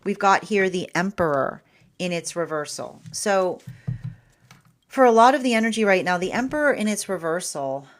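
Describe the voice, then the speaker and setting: A woman's voice: medium pitch, animated, moderate pace. A woman giving a spoken tarot reading, rambling, with frequent repeated words and fillers. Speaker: tarot reader.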